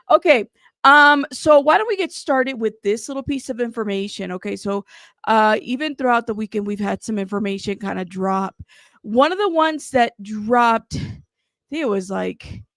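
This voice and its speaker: A woman's voice: on the high side, creaky, fairly bright tone, dry recording. Breathless chatty livestream host woman. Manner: chatty, breathless, thanks chat often. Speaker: true crime news livestream host. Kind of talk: casual livestream commentary.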